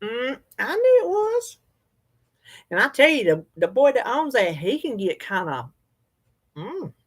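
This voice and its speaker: A woman's voice: on the high side, wildly swooping pitch, measured pace, breathy edge. A Southern woman hosting a livestream, chatting casually in a folksy, easygoing way and talking back to viewer comments. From North Carolina, US. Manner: folksy, chatty, laughs easily. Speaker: livestream host.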